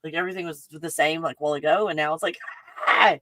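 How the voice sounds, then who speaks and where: A woman with a Texan accent, hosting a casual livestream and chatting in an excitable, rambling way full of fillers. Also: sits low, quick pace, dry recording. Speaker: livestream host. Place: home in the mountains.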